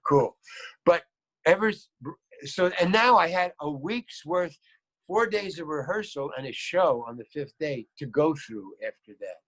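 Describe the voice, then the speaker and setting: A man's voice: a little high, unhurried. A man, a guest actor, telling a story and acting out what people said, often repeating his words. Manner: animated, acts out quoted lines, repeats words. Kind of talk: storytelling anecdote.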